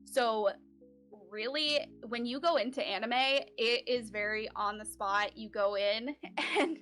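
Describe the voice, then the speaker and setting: A woman's voice: on the high side, a little slow, a bit bright, faint music behind. A woman from Central Florida, a voice actor, chatting casually in an interview with lots of "like" and "um" fillers. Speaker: voice actor guest. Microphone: home recording setup.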